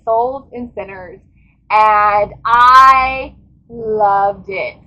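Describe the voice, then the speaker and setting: A fairly high-voiced woman gushes over her favourite books in a casual vlog recap. Her talk is dramatic and full of swearing, and the audio is a little dull and lo-fi. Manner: gushing, dramatic, swears freely. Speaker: book vlogger.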